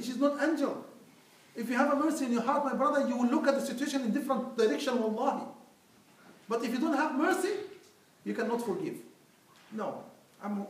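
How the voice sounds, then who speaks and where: Man preaching, high pitched, earnest and pleading, echoey mosque hall, distant mic. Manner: earnest, pleading, addresses listeners as brother. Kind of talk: Friday sermon.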